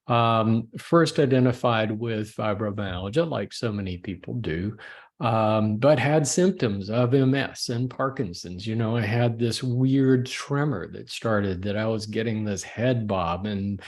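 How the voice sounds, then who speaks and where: A man in his sixties with a somewhat low voice, speaking as a guest on an interview show. He tells his story in a measured, reflective manner, in an unhurried conversational way. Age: 60s. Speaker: physician guest. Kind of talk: casual interview.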